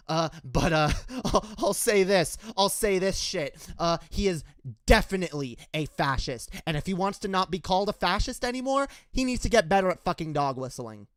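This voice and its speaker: A man's voice: high-pitched, clear, resonant tone, no room sound. A man giving a heated, profane political rant, full of stammered restarts. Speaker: political commentator. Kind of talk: casual ranting commentary.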